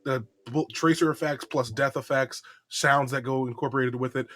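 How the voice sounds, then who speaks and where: A man co-hosting a gaming podcast in casual chat, excitable, jumping in with facts and lots of fillers. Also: medium pitch, normal speed. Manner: excitable, interrupts with trivia, many fillers. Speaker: podcast co-host.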